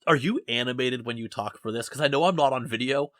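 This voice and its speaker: A man's voice: medium pitch, quick pace, a bit bright, no echo. Young male podcast host, rambling and self-deprecating, dry close sound. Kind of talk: casual podcast chat. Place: home basement.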